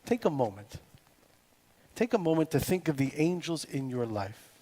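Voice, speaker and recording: A man preaching a sermon as cantor in a synagogue, with a deliberate delivery built on poetic repetition. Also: a little high, sing-song, mellow. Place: synagogue sanctuary. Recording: long reverb in a large hall with faint music.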